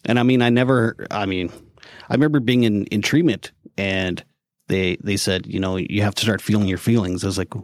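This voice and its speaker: A man with a lowish voice speaks candidly as a podcast guest, cursing casually and breaking into laughter. His voice sits close and dry, with no room sound around it. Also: fairly even intonation, brisk, no echo. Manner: candid, swears freely, laughs often. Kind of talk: casual interview chat.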